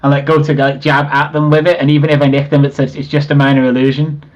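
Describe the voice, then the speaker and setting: A man's voice: fairly high pitch, level tone, quick pace. A man playing a tabletop game, rambling and saying like a lot. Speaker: player. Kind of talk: casual game chat. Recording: dull lo-fi sound.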